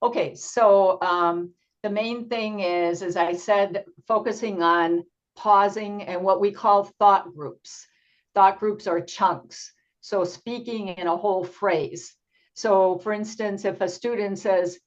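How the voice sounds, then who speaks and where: An older woman leads an online workshop for tutors at an unhurried, patient pace, her voice sitting a little low. She explains step by step, pausing often with ums. The audio is dull and lo-fi, as from a video call. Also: fairly even intonation. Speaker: teacher trainer presenting a workshop.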